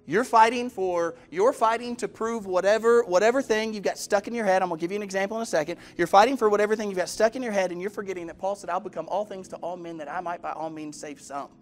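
A preacher with a notably high voice delivers a sermon, pressing his congregation with direct questions and slipping into character voices as he tells his stories. Faint music sits quietly behind him in the church. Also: fast talker, few pauses. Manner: storytelling, acts out quoted voices. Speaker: pastor.

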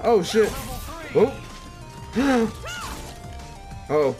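A man giving casual, excitable commentary while playing a fighting game, gasping and laughing as he reacts. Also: high voice, measured pace, pauses often, soft background music. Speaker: let's player.

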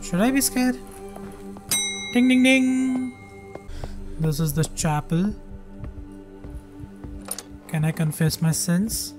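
A man's voice: fairly high pitch, animated, slow, long pauses, over music. A man doing jokey, swearing commentary while playing a horror game. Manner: jokey, swearing, mock-scared. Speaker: gaming streamer. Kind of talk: let's play commentary.

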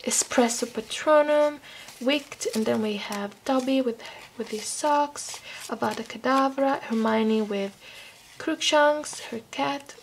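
An Italian-accented woman with a sore throat talks slowly through a craft-mail show-and-tell. Her slightly high voice has a gravelly, fry-tinged edge, and she slips into whispers now and then. A faint noise sits underneath. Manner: soft-spoken, drops to whispers, apologetic asides. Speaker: craft vlogger opening mail. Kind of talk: casual show-and-tell chat.

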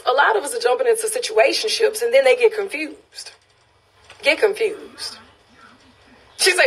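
A woman's voice: on the high side, expressive, normal speed, fairly bright tone, slightly rough. A woman from Louisiana with a Louisiana accent hosting a casual phone live stream. She reads viewer comments, laughs often and repeats phrases for emphasis. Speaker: livestream host.

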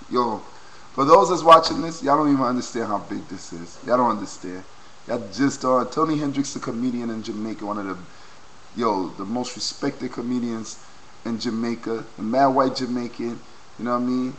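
A young man vlogging into a low-quality webcam, excitedly reacting and repeating exclamations. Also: a little hiss or hum. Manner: hyped, repetitive exclamations. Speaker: video blogger.

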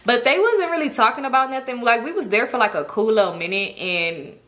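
Bright-voiced young woman telling a story. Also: a little fast. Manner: animated, acts out friends' voices with big pitch jumps; profane, slangy, laughs while telling. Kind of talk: casual storytime vlog.

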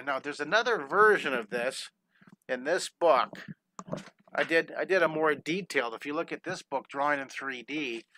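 A man's voice: a little high, sharp tone, a little hiss or hum, low-quality recording. A man teaching a live online drawing lesson, upbeat and encouraging, talking his students through each step and breaking into playful chants and sound effects.

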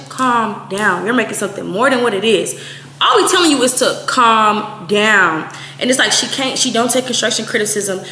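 A woman in her twenties, from Texas, telling a story in a blunt, profane, animated way, quoting people as she goes. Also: mid-range voice. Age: 20s. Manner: blunt, profane, animated retelling with quoted voices. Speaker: vlogger. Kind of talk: casual storytime. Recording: echoey room, faint noise.

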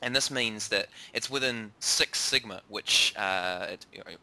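Kiwi guy on a science podcast, low voice but really sharp and bright, keen, lots of ums and repeats. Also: creaky. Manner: enthusiastic, halting with repeats and ums. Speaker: podcast co-host and science presenter. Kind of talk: casual science chat.

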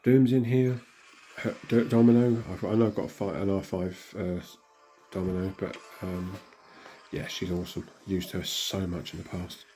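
A hoarse man, still recovering from illness, casually commenting and muttering reactions as he opens in-game crystals. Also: sits low, level tone, normal speed, mellow, soft background music. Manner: chatty, mutters reactions to himself. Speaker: gaming channel host.

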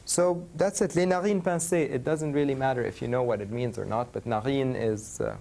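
A man's voice: mid-range voice, fairly quick, creaky, dark tone. A man teaching a university French class, mixing English and French and checking in with his students.

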